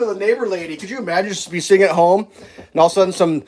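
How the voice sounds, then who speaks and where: A man's voice: high voice, very fast, very noisy. A man chatting casually while cooking breakfast at home, rambling through stories and laughing at them.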